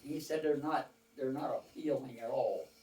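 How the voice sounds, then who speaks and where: A man's voice: medium pitch, moderate pace, mellow, slight background noise. An older man telling rambling, folksy war stories to a small audience, quoting others at length. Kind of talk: casual storytelling to a small audience. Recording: roomy, from far off the mic.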